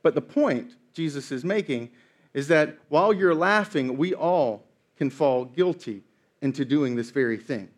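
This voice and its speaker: A man preaching a sermon, telling a story with playful, animated asides. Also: on the high side. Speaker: pastor.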